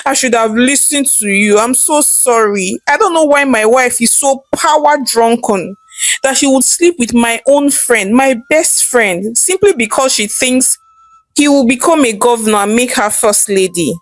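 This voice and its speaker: A woman's voice: a little high, animated, fairly quick, hardly any pauses, dry recording, natural voice. A woman voicing a betrayed young husband, strained and tearful, in a told folktale.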